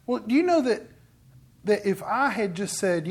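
A man's voice: sits high, lively intonation, brisk, a little mellow. A man preaching a sermon in a conversational storytelling way, acting out what other people say. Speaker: pastor.

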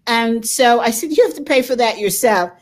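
A woman's voice: on the high side, moderate pace. An older woman hosting a talk show, telling stories with frequent laughter in a casual conversation. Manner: laughs often, lively storytelling.

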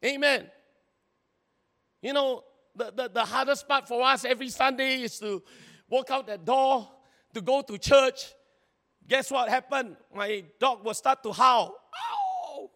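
A male pastor, preaching a sermon in an animated, exclaiming way, with many repeated words and sentence particles. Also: very high-pitched, measured pace, long pauses, big-room sound.

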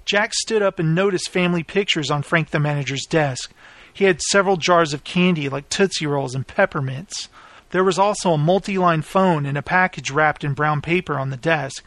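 A man's voice: a little high, normal speed, a bit bright, no room sound. Man narrating a story, dry close mic. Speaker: author and narrator. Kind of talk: scripted audiobook narration.

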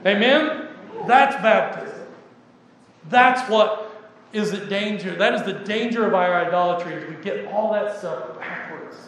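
A man's voice: high voice, measured pace, fairly bright tone, a little hiss or hum. A man with a Texan accent preaching a sermon as pastor, emphatic and joking with the congregation. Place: church sanctuary. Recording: echoey church hall with reverb.

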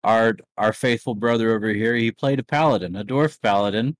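A man co-hosting a podcast, teasing his friends in casual chat, laughing often and pausing on fillers. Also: on the low side, no echo, studio quality.

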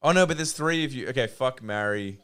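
A man's voice: medium pitch, animated, brisk, a bit bright, clear, resonant tone. A young man, chatting casually on a podcast, swearing freely and laughing often. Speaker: podcast co-host.

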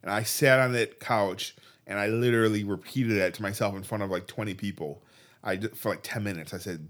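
A man earnestly telling a personal faith story, often halting and restarting his sentences. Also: on the low side, fairly bright tone. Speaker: guest telling his testimony.

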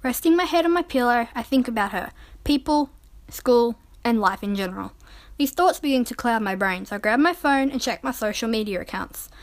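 A woman with a fairly high voice reads a first-person story aloud. Her delivery is calm and measured, the steady pace of a storybook reading. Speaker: narrator.

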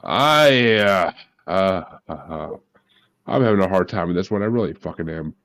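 A man's voice: deep voice, animated, normal speed, fairly bright tone. A man hosting a casual group podcast, talking with profane enthusiasm. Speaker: podcast host.

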